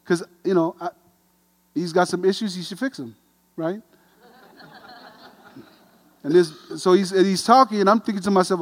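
A middle-aged man preaching, an animated, self-deprecating storyteller who grows quiet and earnest. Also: high voice, brisk. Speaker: pastor. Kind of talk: sermon storytelling.

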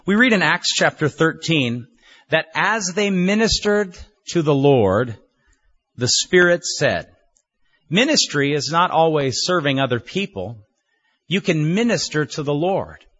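A man preaching a sermon as a pastor, earnest and measured, leaning on repeated phrases for emphasis. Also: a little high, expressive, fairly bright tone, muffled recording.

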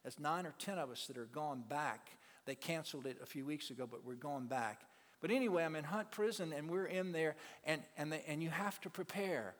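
A man telling a testimony as a ministry teacher, an earnest storyteller who stumbles and repeats his words. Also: on the high side. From South Louisiana. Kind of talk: testimony talk to a church audience. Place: auditorium. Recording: long hall reverb.

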